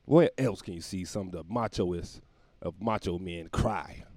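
A man's voice: deep voice, measured pace, a little mellow, dry recording. A man hosting his own show, rambling through a casual comedic monologue and laughing at his own jokes, talking from a room at home near the windows. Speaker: podcast host.

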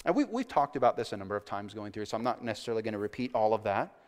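A man preaching a sermon as pastor, earnest, rising to emphatic swells and dropping to quiet asides. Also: fairly low pitch, sing-song, rapid-fire. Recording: long church reverb.

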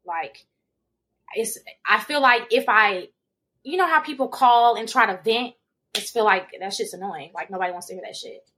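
A woman's voice: medium pitch, moderate pace, pushed and bright. A woman co-hosting a podcast, talking candidly in casual chat, rambling with slang and restarting her sentences. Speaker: podcast co-host.

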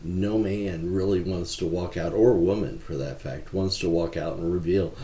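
Male ministry founder as interview guest: low voice, mellow tone, earnest and measured, recorded with an echo of the room. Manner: earnest, measured, with frequent fillers. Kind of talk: conversational interview answers. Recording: roomy echo.

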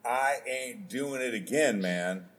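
A man's voice: mid-range voice, slow, lightly acted. A man playing a grumpy, stubborn actor in a comedic audio play, grumbling in casual slang. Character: grumpy stubborn male actor, sick of typecasting.

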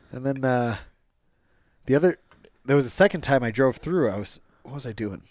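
A man's voice: medium pitch, brisk, no room sound, studio quality. A man telling stories in casual podcast chat, swearing freely. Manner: animated storytelling with crude language.

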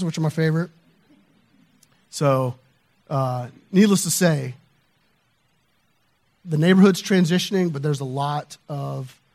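A man's voice: on the high side, a little mellow. A man pastor telling a neighborhood story in a sermon, chatty and loose, with fillers and restarts.

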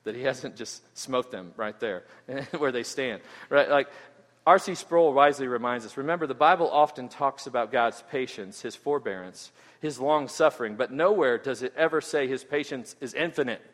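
A man's voice: medium pitch, normal speed, fairly bright tone. Earnest preaching man in a reverberant hall. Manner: earnest, emphatic, with frequent restarts and "right?" asides. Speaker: pastor. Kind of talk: expository sermon. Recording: echoey hall with long reverb.

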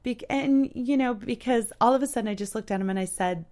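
A woman's voice: a little high, a little mellow. Earnest woman telling a heartfelt story. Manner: halting, many restarts and "you know". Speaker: storyteller guest. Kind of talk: casual storytelling chat.

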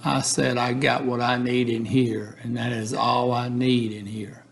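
A defiant male suspect, read out by a man, answers in a flat, clipped, gravelly voice. The reading stays plain and unacted. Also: mid-range voice, unhurried. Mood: curt. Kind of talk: reading a case transcript aloud.

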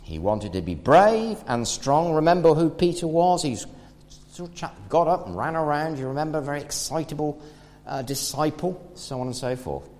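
A man preaches a sermon, retelling a Bible story with lively, animated pitch. His voice swings from loud to hushed as he tells it. The sound carries a long hall reverb. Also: moderate pace.

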